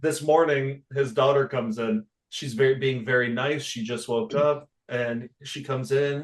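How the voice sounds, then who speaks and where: A man's voice: medium pitch, steady tone, moderate pace. Profane laughing man on a call. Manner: profane storytelling, laughing often. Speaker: podcast co-host. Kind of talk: casual chat. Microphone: video call.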